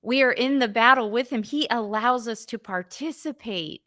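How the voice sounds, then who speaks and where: A woman's voice: fairly high pitch, normal speed, bright, forceful tone. A woman youth ministry leader answering interview questions, earnest and often restarting her sentences.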